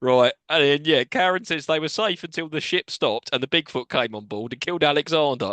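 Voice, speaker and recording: A man's voice: fairly high pitch, brisk, few pauses, fairly bright tone, smooth, no echo. A man co-hosting a podcast, recapping a TV episode in a wry, laughing, chatty way. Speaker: podcast co-host.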